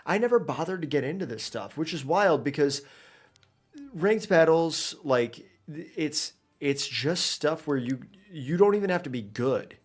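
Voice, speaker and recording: This gaming streamer has a fairly high, husky voice with lively intonation, and he talks a little slowly. He chats casually while playing, rambling with plenty of fillers and false starts.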